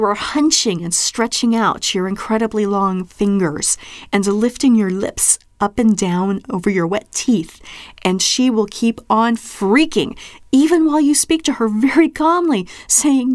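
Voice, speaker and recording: A woman's voice: medium pitch, measured pace, no room sound, studio quality. A woman reading literary fiction aloud with intense, vivid delivery. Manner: intense, drops to a hushed whisper at moments. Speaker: reader.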